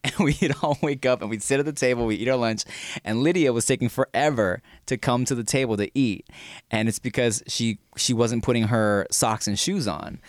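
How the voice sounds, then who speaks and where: A man's voice: mid-range voice, normal speed, no room sound, studio quality. A man from Southern California telling childhood stories in casual podcast chat, laughing often and acting out the quotes.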